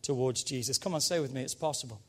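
A man preaching a sermon as pastor, energetic and emphatic, urging his congregation on. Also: mid-range voice, fast, slight background noise.

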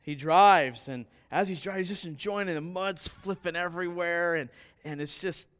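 A pastor with a fairly high, slightly bright voice preaches a sermon at a moderate pace. His style is conversational, full of restarts and asides, and his pitch jumps up when he acts out characters in his stories.

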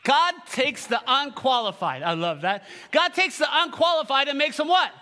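A male pastor preaching a sermon, animated and joking, with sarcastic asides, reading scripture aloud and leading the congregation. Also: very high voice, normal speed.

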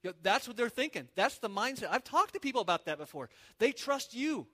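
A man preaching a sermon as pastor, animated and conversational, acting out little asides. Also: very high voice, a little fast.

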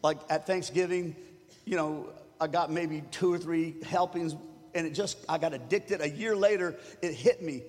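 A man preaching a sermon to a congregation in a conversational way, building up to shouted calls for them to answer. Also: a little high, moderate pace, breathy edge. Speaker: pastor. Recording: long hall reverb.

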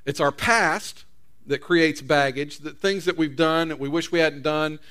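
Male pastor, sermon, casual storytelling, frequent restarts, high voice. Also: fairly even intonation, unhurried, fairly bright tone. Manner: conversational storytelling with repeated restarts.

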